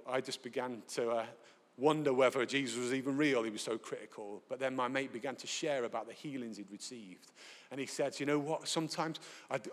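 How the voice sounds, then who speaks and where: Northern English preacher in a reverberant hall. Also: male voice, mid-range voice. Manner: lively storytelling, acts out dialogue. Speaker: pastor. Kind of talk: sermon with anecdotes. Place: large church hall, live.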